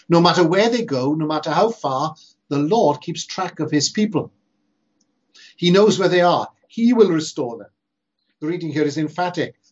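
A preacher delivers an emphatic sermon, leaning hard on slow, repeated phrases. His voice is somewhat husky and sits a little high. The recording sounds dull and lo-fi. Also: expressive. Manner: earnest, emphatic preaching with slow stressed repetitions.

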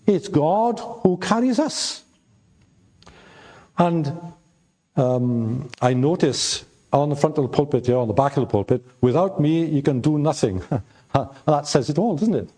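An older man preaching a sermon, halting with fillers and restarts, and stressing his points by repeating them. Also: medium pitch, expressive, warm tone. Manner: slow, halting delivery with many fillers and repeated words; emphatic repetition when reading scripture aloud.

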